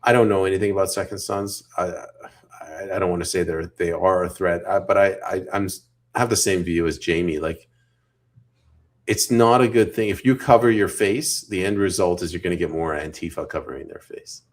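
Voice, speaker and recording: A man's voice: sits low, fairly quick. A man from Canada co-hosting a casual political podcast, joking, laughing often and reading audience comments aloud.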